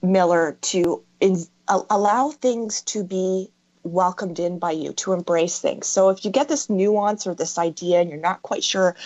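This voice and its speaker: A woman's voice: on the low side, normal speed, darkish tone, dry recording. Emphatic woman coach, dull audio. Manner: emphatic, repeating key phrases for stress. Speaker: interviewer and mindset coach. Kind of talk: motivational coaching conversation.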